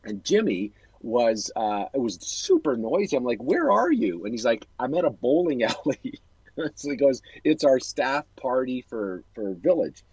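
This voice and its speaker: A man with a husky, mid-range voice hosts a casual chat over a video call. He tells a story in a rambling way, correcting himself as he goes. The sound is dry and close. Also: medium pitch, big pitch swings, moderate pace, dark tone, dry recording, rough recording. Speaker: host.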